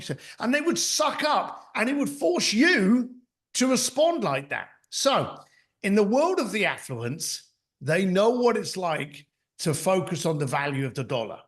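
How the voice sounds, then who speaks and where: A man's voice: sits high, big pitch swings, measured pace, a bit bright. A middle-aged man, an author and mentor, speaking as a podcast guest. He talks bluntly in anecdotes and acts out what other people said. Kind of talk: conversational storytelling.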